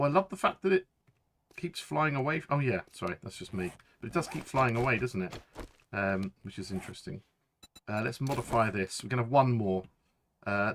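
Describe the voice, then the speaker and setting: Male streamer, bright and excitable, chatty live commentary, faint background noise. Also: lowish voice. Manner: excitable, laughing, thinking aloud.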